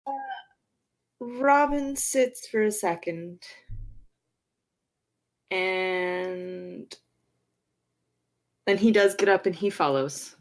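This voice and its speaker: Deadpan woman tabletop player. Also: mid-range voice, extremely slow, pauses often, poor audio. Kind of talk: casual tabletop play.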